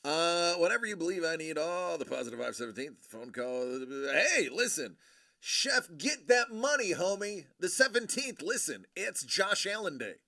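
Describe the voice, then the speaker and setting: A man hosting a casual livestream, joking and teasing his viewers with quick asides. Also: high voice, big pitch swings, vocal fry, sharp tone, dry recording, studio quality. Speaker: livestream host, collector.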